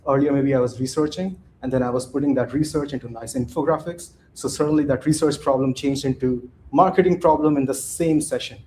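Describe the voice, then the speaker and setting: A man's voice: medium pitch, steady tone, brisk, few pauses, mellow, slight background noise. A man giving a conference talk from slides, speaking loosely and conversationally, often tagging his points with "right?" and restarting his sentences.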